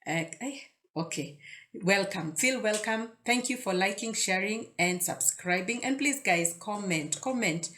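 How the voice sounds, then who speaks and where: A woman's voice: mid-range voice, lively intonation, measured pace, pushed and bright, a little hiss or hum. A woman hosting a casual devotional talk, conversational and often repeating words as she thinks aloud. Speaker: devotional video host.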